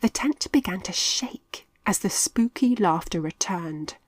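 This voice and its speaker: Slow, lively woman reading a kids' story. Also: fairly low pitch, dry recording. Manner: lively, expressive, slow and clear.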